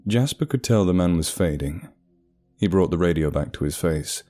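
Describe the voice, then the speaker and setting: A man narrating a horror story in a measured, deliberate way, with a very deep voice. His tone is dark and mellow, and the delivery sounds scripted. Faint music plays underneath. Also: animated.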